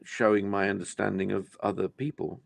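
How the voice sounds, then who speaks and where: Being interviewed casually, an older actor from England talks in a reflective, rambling manner full of fillers. He has a fairly low, gravelly voice with a level tone and a fairly quick pace, captured in a dry recording.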